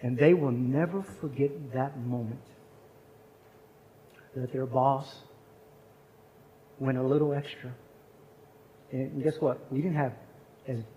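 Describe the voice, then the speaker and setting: A man's voice: mid-range voice, mellow, slight background noise. A man speaking at a chapel service, telling a personal story in an earnest, conversational sermon.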